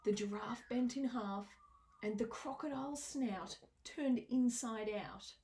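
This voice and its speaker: Slow, sing-song woman reading aloud. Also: a little high, a little hiss or hum. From Australia. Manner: lively, sing-song rhyming delivery. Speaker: storyteller. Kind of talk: picture book read-aloud.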